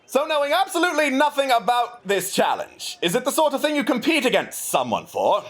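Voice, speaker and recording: A man voicing an eager, grandiose young prince who talks loudly and overly formally. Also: extremely high pitch, wildly swooping pitch, brisk, voice pushed up, heavily acted. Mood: delighted. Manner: loud, exclamatory, overly formal.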